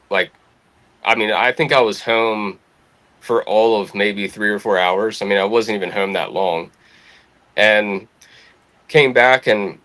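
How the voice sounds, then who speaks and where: A young adult man telling a military story as a podcast guest, casual, swearing freely, quoting others in livelier voices. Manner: lively anecdotal, swears freely, quotes others with rising pitch.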